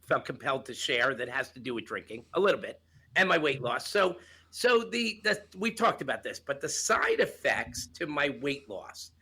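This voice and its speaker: A man co-hosting a casual podcast chat, telling jokes and stories in an animated way. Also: normal speed, husky. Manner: animated joke-telling, jumps high when excited. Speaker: co-host.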